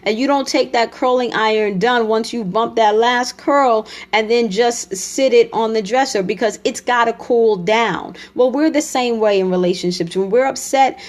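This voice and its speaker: A woman relationship coach giving a motivational talk, direct and emphatic, lecturing her audience. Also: fairly high pitch.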